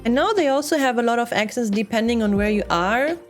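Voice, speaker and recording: A young woman with a non-native English accent chats to her stream as she works on a model kit, rambling and laughing easily. Her voice sits a little high, and soft music plays faintly behind her. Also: expressive, brisk. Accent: non-native English speaker. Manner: chatty, rambling, laughs often. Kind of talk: casual chat while model building.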